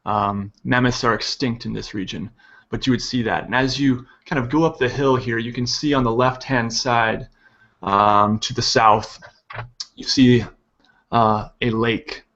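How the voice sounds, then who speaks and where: A man narrating as game master of a tabletop game, halting with many pauses and fillers. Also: mid-range voice, steady tone, a bit bright, highs cut off.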